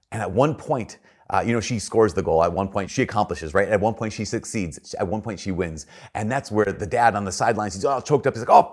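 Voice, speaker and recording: Male priest, very low voice, homily in a relaxed talking style with repeated restarts. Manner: conversational preaching with frequent restarts, swings between soft and loud. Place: church.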